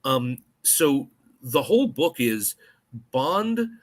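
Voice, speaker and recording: American guy on a movie podcast, chatty and animated, average voice. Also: mid-range voice, slow. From United States. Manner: animated, puts on mock voices in quotes. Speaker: podcast co-host. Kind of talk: casual chat about a film.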